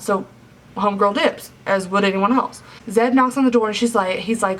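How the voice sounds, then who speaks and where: Speaking at medium pitch and a moderate pace, a young woman retells a novel's plot for a book vlog in a chatty, filler-heavy way, leaning on "like" constantly. Faint background hiss comes through a slightly distant mic.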